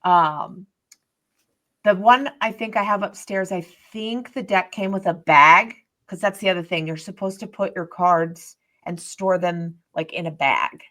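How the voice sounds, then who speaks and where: A woman with a lowish voice chats casually on a podcast, circling back on herself with plenty of "um" and "like." She explains from her own experience in an easygoing, meandering way. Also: measured pace, fairly bright tone. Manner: rambling, many fillers and restarts; explains tarot practice from experience. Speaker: podcast co-host. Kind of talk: casual chat.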